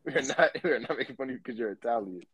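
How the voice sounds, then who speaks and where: A man's voice: medium pitch, expressive, fast talker, a crowd in the background, poor audio. A young man co-hosting a casual podcast, playfully telling tall tales and repeating himself for emphasis. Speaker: podcast co-host.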